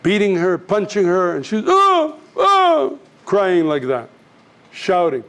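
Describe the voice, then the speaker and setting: Earnest, fairly high-voiced male teacher. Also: expressive, a little slow. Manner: storytelling, acts out voices in anecdotes; earnest, direct to students. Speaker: missions teacher. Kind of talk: classroom teaching talk.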